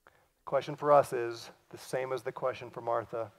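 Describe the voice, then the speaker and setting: Gravelly-voiced preacher with dramatic swings. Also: male voice, medium pitch, moderate pace. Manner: dramatic, swings from loud cries to hushed near-whispers; acts out quoted lines in lively voices. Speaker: pastor. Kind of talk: sermon.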